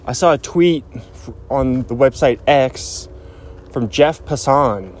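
A man's voice: a little high, lively intonation, measured pace. A man hosting a casual solo sports podcast. He is goofy and jokey, and now and then slips into a mock British voice. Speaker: podcast host.

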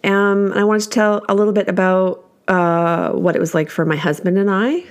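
A woman's voice: mid-range voice, steady tone, normal speed. A middle-aged woman hosting a casual solo podcast from home, chatty and self-deprecating, laughing often as she talks. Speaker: podcast host.

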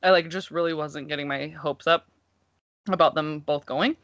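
A woman's voice: low-pitched, fairly even intonation, moderate pace, dry recording. Chatty woman, dull lo-fi sound. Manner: chatty, uses "like" a lot, warm reactions. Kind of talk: casual chat.

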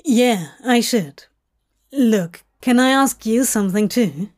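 A woman's voice: fairly high pitch, animated, slow pace, darkish tone. Woman reading as curt, guarded Crowley. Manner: curt, cautious replies.

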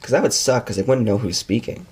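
A man's voice: mid-range voice, fast talker, a little mellow, slightly rough. A young man hosting a casual podcast, chatty and speaking straight to his listeners. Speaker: podcast host. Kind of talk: casual chat.

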